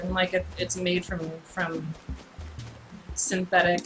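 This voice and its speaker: A woman's voice: fairly low pitch, level tone, slow, pauses often, a bit bright, low-quality recording. A young woman from California chatting casually on a gaming livestream, rambling, giggling and swearing freely. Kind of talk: casual gaming stream chat. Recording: game music playing under voice. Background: game music.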